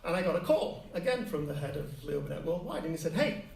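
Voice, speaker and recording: Animated storytelling man on a stage. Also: fairly high pitch, fast, gravelly. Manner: animated, acts out quoted voices. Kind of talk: live personal storytelling. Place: stage before a live audience. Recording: echoey hall, distant mic, faint hiss.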